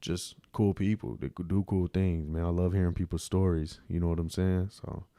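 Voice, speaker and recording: Deep gravelly man, laid-back. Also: little pitch movement, moderate pace, mellow, no room sound, clean studio sound. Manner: laid-back, slangy, lots of "you know what I'm saying". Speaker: podcast guest. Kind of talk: casual interview chat.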